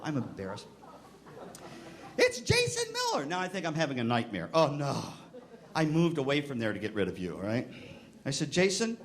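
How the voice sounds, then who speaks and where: Animated middle-aged man telling stories on stage. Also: mid-range voice. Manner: animated, acts out the voices in his stories. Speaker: keynote speaker to band directors. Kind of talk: storytelling speech to a live audience. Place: convention hall.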